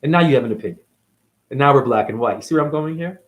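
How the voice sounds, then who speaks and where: In a rapid-fire, mid-range voice, a man calling himself a spiritual teacher rants angrily and confrontationally, swearing nonstop throughout his monologue.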